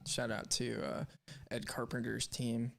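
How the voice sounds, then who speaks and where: A man's voice: mid-range voice, little pitch movement, measured pace, vocal fry. A man co-hosting a live stream show, chatting casually and reading out messages from the chat in a rambling, candid way.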